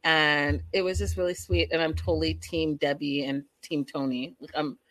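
Chatty woman recapper, lowish voice, dry close mic, talks right to her viewers. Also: steady tone, normal speed, fairly bright tone, dry recording. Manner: gossipy, addresses viewers directly. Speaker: reality TV recap vlogger.

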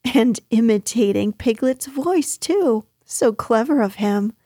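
A woman's voice: on the high side, lively intonation, slow, mellow, no room sound, studio quality. A woman voicing a motherly female kangaroo in a storybook reading, soothing but firm.

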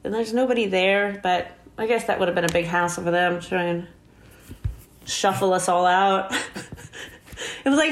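A woman's voice: fairly low pitch, normal speed, pauses often, slight background noise. A woman guest telling a story in a casual interview, laughing often and acting out what people said. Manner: animated, laughing often, acts out quoted lines.

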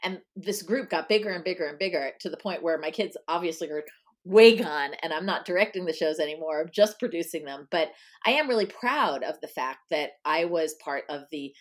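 A woman's voice: sits low, fairly quick. A middle-aged woman from Long Island, a guest in a casual interview, chatting with lots of ums and you-knows. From Long Island, New York. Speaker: guest, author.

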